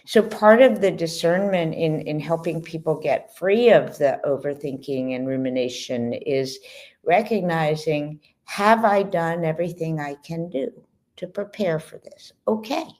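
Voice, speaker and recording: A woman, an author appearing as a guest, explaining ideas in a calm, measured way. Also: sits low. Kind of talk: thoughtful explanation.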